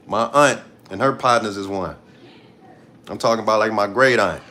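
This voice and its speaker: A man's voice: on the low side, normal speed, pushed and bright. Blunt, profane man ranting on a livestream. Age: 30s. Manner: blunt, profane, repeats himself for emphasis. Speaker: live streamer. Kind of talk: casual livestream rant.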